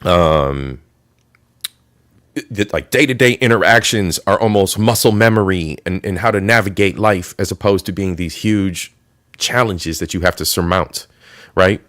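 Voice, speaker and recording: A man's voice: low-pitched, a little slow, a bit bright, no room sound, studio quality. Chatty man hosting a live stream. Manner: chatty, greets viewers by name. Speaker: stream host. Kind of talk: casual live-stream reaction chat.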